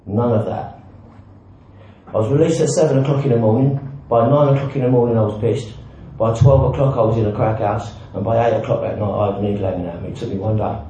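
Fast and dark-toned, a medium-pitched man gives a personal recovery talk that's blunt and self-deprecating, with occasional swearing and a habitual "right?". The hall recording is very echoey and dull, with a little hiss or hum.

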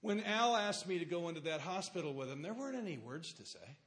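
Speaking fast in a sing-song voice that leans high, a middle-aged man recounts his life to a recovery meeting. He's plain-spoken, with dry dark humor, and poses rhetorical questions to the room.

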